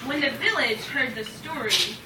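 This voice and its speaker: A woman telling a folk tale live to an audience, expressive and shouting the story's commands. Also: on the high side, normal speed, heavy background noise. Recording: roomy live recording from far off over loud music.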